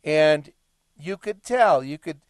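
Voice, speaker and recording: Slow, deliberate male talk show host. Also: fairly high pitch, animated, no echo, clean studio sound. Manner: deliberate, emphatic, lecturing delivery. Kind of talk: monologue commentary.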